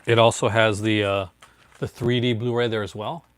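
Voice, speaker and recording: A man's voice: on the low side, little pitch movement, normal speed, slight background noise. A man chatting casually as he shows off his disc collection, rambling, laughing often and greeting viewers by name. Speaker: collector showing his discs. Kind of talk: casual livestream show-and-tell.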